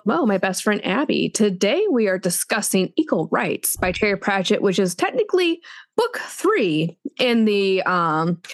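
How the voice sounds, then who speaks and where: Lively chatty woman podcast host. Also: mid-range voice. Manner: chatty, animated, restarts and fillers. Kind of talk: casual book chat.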